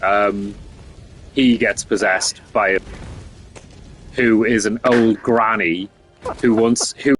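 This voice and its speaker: A man's voice: on the low side, steady tone, slow, pauses often, a bit bright, soft background music. A young man streaming a game, chatting casually with lots of fillers and swearing. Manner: rambling, sweary, filler-heavy. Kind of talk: casual chat.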